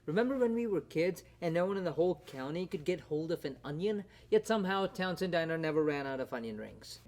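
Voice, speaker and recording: A young actor playing an awkward, hesitant college-age brother in a student stage play, with a lively voice. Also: male voice, fairly high pitch, quick pace. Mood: teasing. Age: young adult. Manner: hesitant, stammering. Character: college-age man visiting his sister, awkward.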